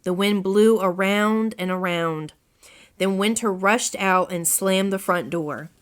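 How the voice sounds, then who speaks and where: A woman reading a children's storybook aloud as narrator, in a gentle read-aloud manner. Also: mid-range voice, slow, clear, resonant tone.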